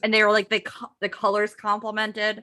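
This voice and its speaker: A woman's voice: medium pitch, monotone, fairly quick, pushed and bright. A woman playing in a tabletop game, playful and chatty. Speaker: player. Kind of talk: casual tabletop play.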